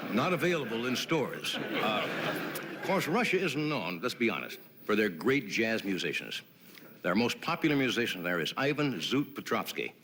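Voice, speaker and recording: Over a noisy crowd, a late-night host in a TV studio performs his comedy monologue with a live audience present, cracking wry jokes and chatting with his sidekick. He talks a little slowly at medium pitch with a sing-song lilt.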